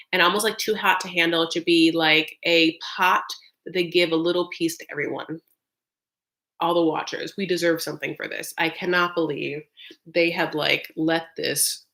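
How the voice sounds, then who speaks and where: A woman's voice: lowish voice, bright, forceful tone. A woman in her thirties giving a casual live reaction recap of a reality show, chatty and sarcastic, filling her talk with "like". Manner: chatty, sarcastic, heavy use of "like".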